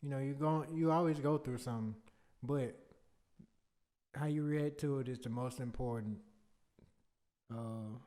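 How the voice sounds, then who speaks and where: Slow-talking laid-back podcast man. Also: medium pitch, dark tone. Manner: laid-back, laughs easily, reflective. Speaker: podcast co-host. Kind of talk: casual podcast chat.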